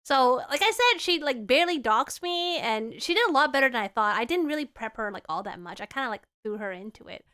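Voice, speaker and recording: High, bright bubbly woman streamer. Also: expressive, a little fast, few pauses, clear, resonant tone. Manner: bubbly, rambling, many "like"s. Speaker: VTuber streamer. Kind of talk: casual live-stream chat.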